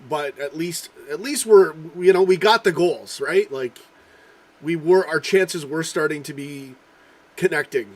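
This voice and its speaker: Coughing man hosting a live football chat. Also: fairly high pitch. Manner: rambling, swears, reads out chat comments. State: coughing and clearing throat. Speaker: livestream host.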